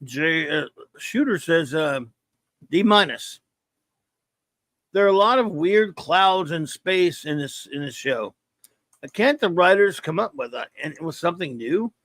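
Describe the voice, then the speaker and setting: Man, stream host, casual joking chat, slightly high voice, dry sound. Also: expressive, measured pace, a bit bright, no room sound. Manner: rambling, joking, stumbles over words. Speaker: show host reading viewer chat.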